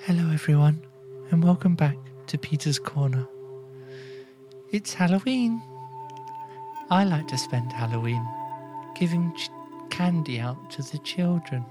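A man voicing a frail, soft-spoken old man who talks in a gentle, calming way. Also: on the high side, over music, voice pushed up, close to an everyday voice. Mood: soothing. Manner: gentle, soothing, slow.

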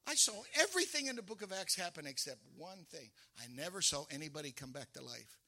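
A middle-aged man preaching a sermon, with emphatic storytelling that rises into shouts. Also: on the high side, sing-song, quick pace. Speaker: pastor.

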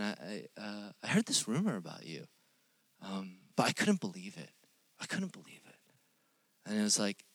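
Brief: young male pastor, lively storyteller, dips into whispers, dry close recording. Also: medium pitch, dry recording. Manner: animated storytelling, swings from loud to hushed whispers. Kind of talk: sermon with personal story.

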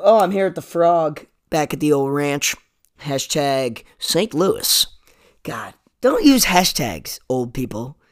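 A man's voice: on the high side, smooth. A young man hosting a podcast, ranting sarcastically with lots of swearing, "like" and "dude". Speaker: podcast host. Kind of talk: comedic rant monologue.

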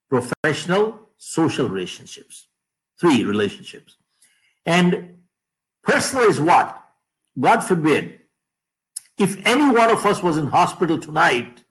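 A man giving a motivational talk to an audience, emphatic, repeating key phrases and dropping his voice low on punchlines. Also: rough recording. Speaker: motivational speaker.

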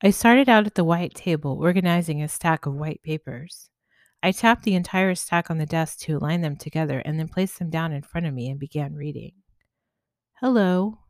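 A woman, a spiritual medium, narrating a first-person story in a calm, gentle way. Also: deep voice, no echo, clean studio sound. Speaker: spiritual medium and podcast host.

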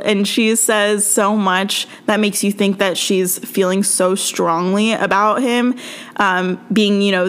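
Chatty young woman recapping with lots of fillers. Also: medium pitch. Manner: chatty, filler-heavy storytelling with frequent "like" and "um". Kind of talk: casual chat recapping a TV episode.

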